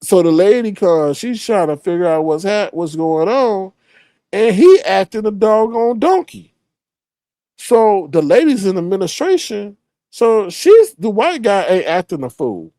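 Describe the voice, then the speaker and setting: A man casually telling a story, animated, swearing freely and acting out the other people's voices. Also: high voice, unhurried, dry recording, studio quality.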